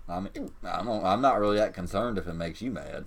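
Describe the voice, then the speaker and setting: A man's voice: sits low, a little fast, gravelly. A man co-hosting a casual gaming livestream, laid-back and dry, talking through a bout of hiccups. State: has the hiccups. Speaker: livestream co-host.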